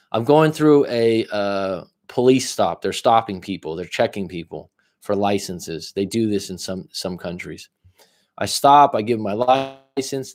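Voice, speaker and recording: This man, a life coach, coaches casually over a livestream with coarse, blunt language. Addressing one viewer head-on, he alternates between booming emphasis and muttered asides.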